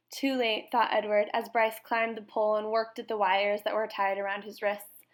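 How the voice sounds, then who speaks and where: A woman reading a children's novel aloud, measured and expressive. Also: mid-range voice. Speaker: reader. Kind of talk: storybook read-aloud.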